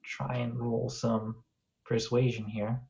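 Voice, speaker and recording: A man's voice: mid-range voice, level tone, slow, a little mellow, dull audio. A man playing in a tabletop game, hesitant and full of fillers. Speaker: player. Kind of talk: casual tabletop play.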